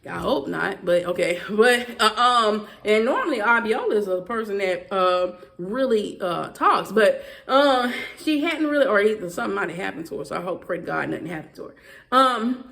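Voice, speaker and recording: A woman host telling a story in a casual commentary vlog, animated and exasperated, with many fillers. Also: mid-range voice, moderate pace, vocal fry. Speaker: channel host.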